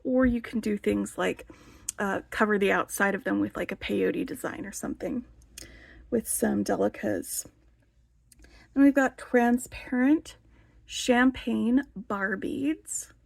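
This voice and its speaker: A woman's voice: medium pitch, slow pace, gravelly, no room sound. A woman hosting a casual show-and-tell vlog, chatty and enthusiastic, with lots of "like" fillers. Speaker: beading channel host.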